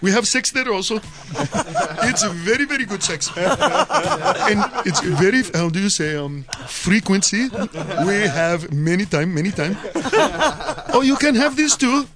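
A man's voice: sits high, expressive, a little slow, over a noisy crowd, pitched above the performer's own voice. A man voicing an Indian-accented man who halts and searches for words. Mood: playful.

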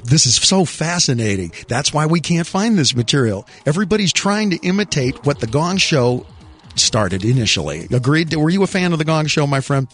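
Male talk radio host, wisecracking and animated, higher voice, music bed under him. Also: moderate pace. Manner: wisecracking, animated, rhetorical questions.

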